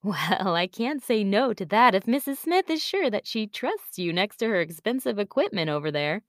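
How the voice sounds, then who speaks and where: A woman's voice: medium pitch, very animated, moderate pace, a bit bright, no room sound, studio quality. A woman voicing a friendly, polite young mother in a storybook.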